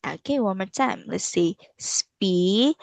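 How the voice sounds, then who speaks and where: A woman's voice: mid-range voice, animated, takes it slowly, no room sound. A woman teaching English to a child over a video call, patiently repeating words. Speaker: English tutor. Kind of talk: online English lesson for a child.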